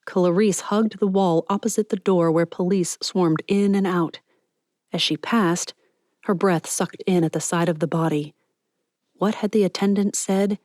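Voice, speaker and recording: A woman with a fairly low voice narrates an audiobook from a script, telling the story in a measured, even way. The recording is dry with clean studio sound.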